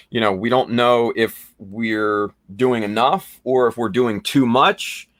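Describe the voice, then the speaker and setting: A man hosting a casual chat, talking in a rambling, halting way with many fillers. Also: on the low side, a bit bright, no room sound. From United States. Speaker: podcast host.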